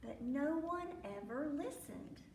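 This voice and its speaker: Her voice high, expressive and slow, a woman librarian reads a picture book to children at storytime and acts out sneezes and animal sounds. The clip comes from a library room with echo, a faraway mic and faint noise.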